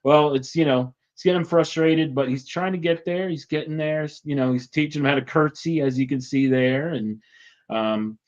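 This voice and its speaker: A man talks through a cartoon plot in an easygoing, rambling way, dropping fillers as he goes. His voice sits in an ordinary middle pitch. The audio is dull and lo-fi, like a muffled stream. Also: a little mellow. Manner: chatty, rambling with many fillers. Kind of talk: casual retelling.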